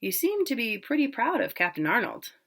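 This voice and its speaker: A woman's voice: on the high side, sing-song, fairly quick, gravelly, a bit bright, voice pushed up, heavily acted. A woman voicing a stubborn young farm boy who scolds and nags his older brother. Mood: nagging.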